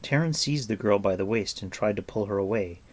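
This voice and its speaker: A man reading a fantasy novel aloud as audiobook narrator, soft and even. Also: fairly low pitch, fairly quick. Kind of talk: scripted narration.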